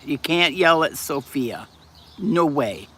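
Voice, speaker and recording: A man's voice: a little high, lively intonation, slow pace, bright, forceful tone, slight background noise. A man hosting a casual livestream, chatting and answering viewer comments aloud. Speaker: livestream host. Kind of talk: casual live chat.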